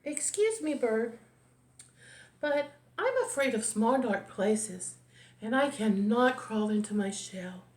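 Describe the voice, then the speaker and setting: A woman voicing a timid young turtle in a children's story, speaking politely and softly. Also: a little high, animated, takes it slowly. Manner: polite and hushed. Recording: echoey room.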